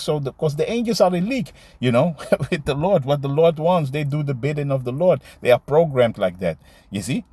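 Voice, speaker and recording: A man preaching and reading scripture aloud in a loose, halting way, tagging his lines with "man" and "you see". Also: on the high side, expressive, warm tone, slightly rough, dry recording. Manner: halting, with many fillers and restarts while finding verses. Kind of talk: casual scripture teaching, reading verses aloud.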